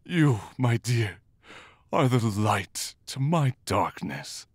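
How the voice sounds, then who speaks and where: A shy, husky, tender giant monk. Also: male voice, medium pitch, sing-song, dry recording, clean studio sound, full character voice. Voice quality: soft, husky, slow and tender. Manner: shy, halting, emotional. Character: gentle, huge, tearful male demon-hunting monk. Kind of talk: romantic character audio role-play.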